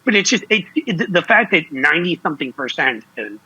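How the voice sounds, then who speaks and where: A man's voice: fairly high pitch, big pitch swings, a little fast, sharp tone, slightly rough, dry recording, muffled recording. A male political commentator from Ohio in heated talk, blunt and impassioned, often restarting his sentences.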